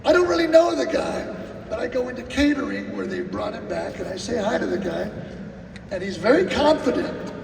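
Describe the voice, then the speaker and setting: A man, a drummer at a live clinic, telling animated stories and acting out the people in them, recorded from a distance in an echoing hall. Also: very high-pitched, brisk, creaky, slight background noise. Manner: animated, acts out quotes and sings drum cues. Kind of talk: live anecdotal storytelling. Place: live event venue. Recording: roomy hall, distant mic, faint music.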